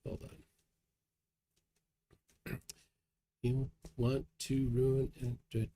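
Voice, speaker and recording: A man's voice: medium pitch, drawn-out words, noisy background. A man hosting a casual livestream, chatting and reading viewer comments aloud with a chuckle. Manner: lively, chuckling, reads chat aloud. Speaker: livestream host.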